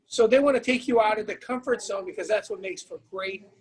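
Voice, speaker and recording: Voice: medium pitch, fairly quick. A guest chatting easily about competing on a cooking show. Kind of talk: casual chat. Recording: crowd noise behind.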